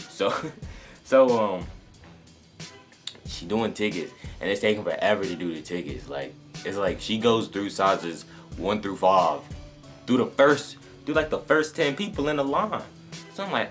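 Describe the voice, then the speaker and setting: Deep-voiced young man telling a sneaker story. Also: big pitch swings, moderate pace, fairly bright tone, faint music behind. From North Carolina. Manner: rambling, many restarts and fillers. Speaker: sneaker vlogger. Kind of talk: casual storytelling to camera.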